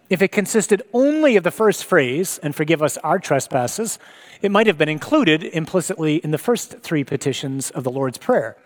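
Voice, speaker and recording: A man preaching a sermon, reading scripture and teaching in an earnest, reflective way. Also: a little high.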